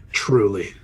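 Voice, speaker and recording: A man playing a tabletop game in character, wry and laid-back. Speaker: player.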